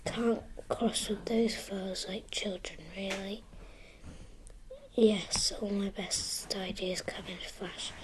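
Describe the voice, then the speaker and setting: A woman's voice: mid-range voice, fairly even intonation, slow pace, natural voice. A woman in whispered role-play voicing a cheerful, boastful male pirate captain with a wheedling salesman's patter. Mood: scheming.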